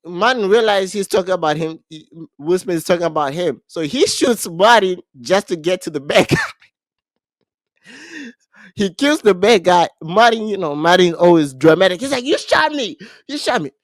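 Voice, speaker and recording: A man co-hosting a casual podcast, retelling a movie plot in an animated way, with frequent restarts. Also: sits high, normal speed, no echo, clean studio sound. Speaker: podcast co-host.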